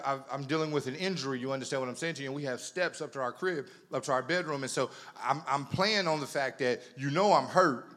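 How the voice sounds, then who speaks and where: A man's voice: a little high, fairly bright tone. A man preaching as pastor, chatty and teasing, often repeating words as he tells a funny story. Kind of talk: sermon with humorous storytelling.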